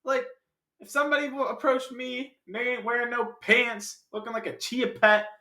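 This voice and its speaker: A man's voice: very high-pitched, little pitch movement, moderate pace, bright, forceful tone, reverberant. A man giving a casual, jokey film review full of sidetracked asides.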